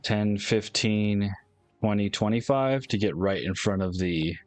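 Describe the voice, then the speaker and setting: Low-voiced man playing a tabletop game. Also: a little slow, dry recording, soft background music. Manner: chatty, laughs easily. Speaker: player. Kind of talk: casual tabletop play.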